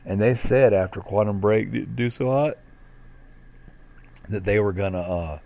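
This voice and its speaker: A man co-hosting a casual gaming podcast, excitable and loose, with lots of "dude" and "like" in his talk. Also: fairly low pitch, unhurried, gravelly. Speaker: podcast co-host.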